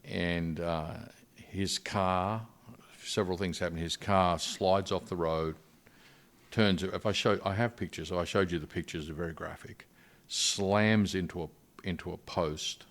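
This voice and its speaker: Middle-aged male missionary guest with a deep, low voice; earnest, halting storytelling. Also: steady tone, a bit bright. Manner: earnest, halting retelling with frequent restarts. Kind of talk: personal storytelling in a podcast interview.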